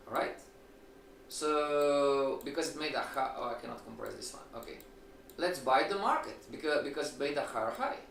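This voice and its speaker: Animated male trading instructor, echoey room. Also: mid-range voice, normal speed, vocal fry. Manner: animated, rhetorical questions, acts out students' replies. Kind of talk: live-streamed lecture. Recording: echoey room, distant mic, faint noise.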